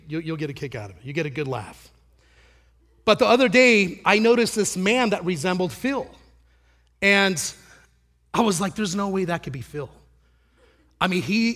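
A man's voice: high-pitched, a bit bright. A middle-aged man preaching a conversational sermon, telling stories with many restarts. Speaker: pastor.

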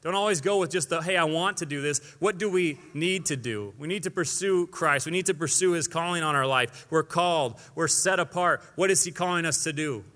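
A young man preaching a sermon in a lively, conversational way, acting out quotes as he goes. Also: fairly high pitch, fairly quick, few pauses, long reverb tail.

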